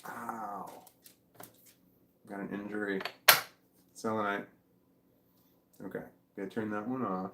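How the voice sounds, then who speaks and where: Rambling low-voiced man, echoey room. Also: level tone, vocal fry, very noisy. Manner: rambling, halting, profane. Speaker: vlogger. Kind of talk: casual vlog chat.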